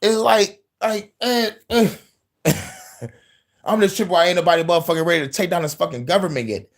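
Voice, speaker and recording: A man's voice: sits high, a little fast. Profane, heated man ranting on stream. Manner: profane, heated, laughs often. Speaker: livestream news commentator. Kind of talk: casual news-commentary rant.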